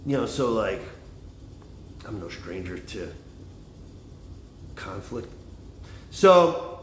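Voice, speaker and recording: A man's voice: fairly low pitch, big pitch swings, extremely slow, slight background noise. A middle-aged man telling a meandering, profane story in a casual monologue, drifting off on tangents, recorded on a phone. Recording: echoey room.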